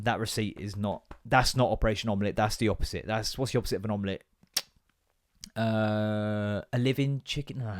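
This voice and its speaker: A man's voice: mid-range voice, no echo, clean studio sound. A man, hosting a comedy podcast and ranting in an exasperated, sweary way. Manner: sweary, exasperated, animated with put-on voices. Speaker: podcast host. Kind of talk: comic rant.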